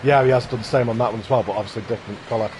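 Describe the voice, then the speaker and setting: An upbeat man gushes casually over builds as he hosts a live walkthrough. His pitch sits in the middle range. A faint hiss of noise runs behind his voice. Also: steady tone, rapid-fire, a little mellow. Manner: enthusiastic, effusive praise. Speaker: livestream host touring contest parks.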